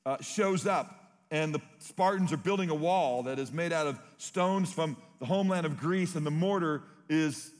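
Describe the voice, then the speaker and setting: A man's voice: on the high side, moderate pace, big-room sound. A man preaching a sermon, telling stories with rising emphasis. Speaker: pastor.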